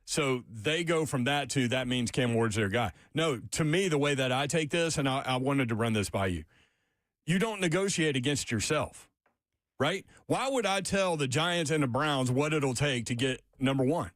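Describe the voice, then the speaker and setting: A man hosting sports talk radio, excitable and quick to get worked up, laughing often. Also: on the high side, no room sound, studio quality. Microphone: studio microphone.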